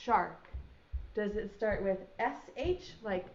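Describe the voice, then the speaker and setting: A woman's voice: high voice, sing-song, unhurried, lo-fi sound, slight background noise. A young woman teaching a virtual preschool lesson, talking to small children in a sing-song, encouraging way and stretching out sounds.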